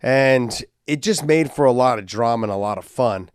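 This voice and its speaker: A man's voice: mid-range voice, moderate pace, clear, resonant tone, no room sound, clean studio sound. A man co-hosting a podcast in loose, casual chat, with plenty of filler words. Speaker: podcast co-host.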